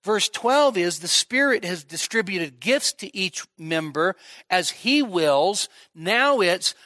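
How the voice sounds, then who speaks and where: A man's voice: high voice, lively intonation, takes it slowly, bright, forceful tone, no echo, clean studio sound. A middle-aged man preaching an expository sermon at a midweek church service, emphatic, often repeating words as he builds a point. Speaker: pastor.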